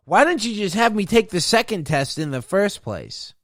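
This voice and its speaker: A man's voice: high-pitched, sing-song, moderate pace, fairly bright tone, dry recording, clean studio sound. A young man hosting a solo podcast, ranting in a profane, boastful, rambling way. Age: young adult. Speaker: podcast host.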